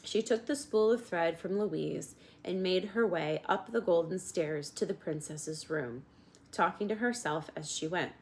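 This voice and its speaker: A woman narrating a storybook in a gentle, measured way, at times addressing the reader directly. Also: on the low side. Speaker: audiobook reader.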